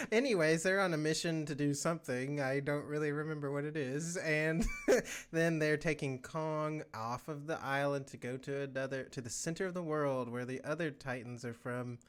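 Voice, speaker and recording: A man's voice: a little high, moderate pace, smooth. A man co-hosting a podcast, rambling through a plot recap and laughing often. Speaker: podcast co-host. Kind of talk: casual chat.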